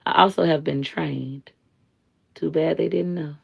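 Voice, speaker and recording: A woman hosting a live stream, giving blunt, slangy commentary and telling stories in an animated way. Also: deep voice, unhurried, gravelly, husky, muffled recording. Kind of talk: casual commentary and storytelling.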